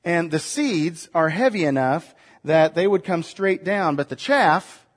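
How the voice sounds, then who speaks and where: A male preacher gives a sermon in a relaxed, conversational manner. He often checks in with his listeners by asking them questions. His voice sits a bit higher than most men's. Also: unhurried. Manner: conversational, asks the congregation questions.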